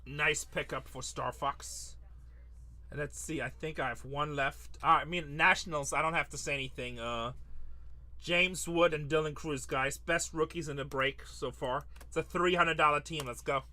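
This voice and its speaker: A man's voice: fairly high pitch, steady tone, normal speed, sharp tone. A man hosting a live sports card break, rattling off lists in a teasing, joking selling patter.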